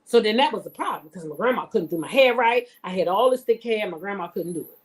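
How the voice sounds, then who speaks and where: Background noise accompanies a woman with a medium-pitched, lively voice who talks fast. She reacts to reality TV in casual storytelling commentary that is blunt, emphatic and profane, aimed right at her viewers.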